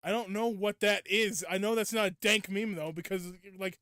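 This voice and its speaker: Streaming a game, a young gamer chats casually in a fairly high, smooth voice, ranting at viewers in playful bursts of mock outrage. He talks at a moderate clip with few pauses, his tone pushed and bright. The audio is close and dry, with no echo and almost no sense of room.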